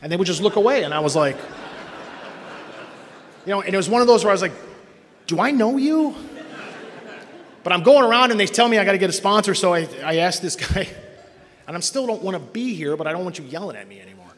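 A middle-aged man telling a story to an audience, animated and self-mocking, acting out other people's voices in his quotes. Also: high voice, quick pace, long reverb tail. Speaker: speaker sharing a recovery story.

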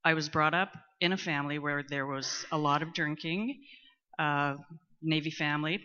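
A middle-aged woman, speaking candidly in a personal testimony at a recovery meeting, talkative and at times loud and boisterous. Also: deep voice, normal speed, a little hiss or hum. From Canada. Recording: muffled lo-fi recording.

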